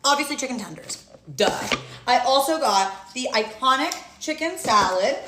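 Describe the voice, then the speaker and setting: A woman's voice: sits high, animated, moderate pace, echoey room, noisy background. A woman influencer doing a food haul and taste test, gushing and eating as she talks. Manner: gushing, bubbly, talks with mouth full.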